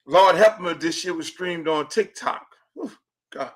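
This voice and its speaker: A middle-aged man with a Miami accent hosts a casual livestream podcast at a measured pace, joking and cursing while swinging between booming and hushed talk.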